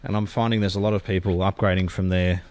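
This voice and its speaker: A man's voice: low voice, fairly even intonation, quick pace, darkish tone. A man giving a gushing car-sales walkaround as a dealer. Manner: enthusiastic, gushing sales talk.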